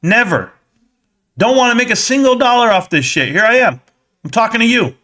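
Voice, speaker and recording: Hosting a live stock stream, a man with a forceful, high and bright voice argues hotly with people in his chat. He speaks briskly with lively intonation, and every line lands punchy and confrontational.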